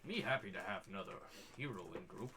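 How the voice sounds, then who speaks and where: A man voicing a big tusked brute who talks in simple broken grammar, lower than his own voice, in a tabletop role-play. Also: animated, quick pace, background noise, lightly acted. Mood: gruff simple. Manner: broken caveman grammar, low gruff.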